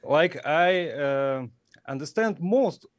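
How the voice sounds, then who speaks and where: A man with a Russian accent, a guest speaking careful, halting English in a casual interview, pausing often to search for words. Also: fairly high pitch, expressive, dry recording, clean studio sound. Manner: halting non-native English with searching pauses. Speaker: guest musician. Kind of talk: casual interview over a video call.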